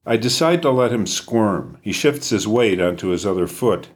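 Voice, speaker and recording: A man narrates a first-person story in a steady, measured way. His voice sits fairly low for a man. The delivery is calm, even and clear, like an audiobook.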